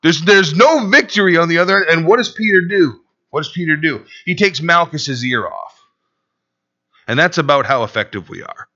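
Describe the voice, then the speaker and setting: A male pastor preaching a sermon, swinging between loud and hushed delivery and acting out quotes. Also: fairly high pitch, animated, moderate pace, lo-fi sound.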